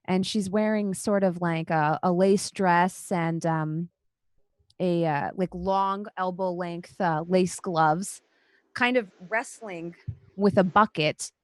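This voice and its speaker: A woman's voice: fairly low pitch, slow pace, no room sound. Brief: casual woman game master, descriptive narration, dry mic. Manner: casual, descriptive, many fillers. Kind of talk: narrating a tabletop role-playing game. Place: home, online session.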